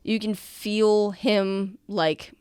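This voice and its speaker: A woman narrating a tabletop game as game master in a casual, halting way with many fillers. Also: medium pitch, steady tone, darkish tone, smooth, dry recording, clean studio sound.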